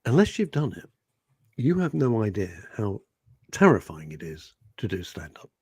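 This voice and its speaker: A man's voice: fairly low pitch, big pitch swings, moderate pace, darkish tone, breathy edge, no echo. A man co-hosting a radio show, teasing and exclamatory in casual studio chat. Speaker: radio co-host.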